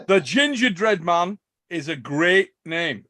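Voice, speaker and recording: English male podcast host, high, dry voice, bantering and laughing. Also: expressive, slow pace, bright, forceful tone, no echo. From England. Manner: jokey, laughing, calls people mate. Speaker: podcast host reading super chats. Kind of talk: casual chat.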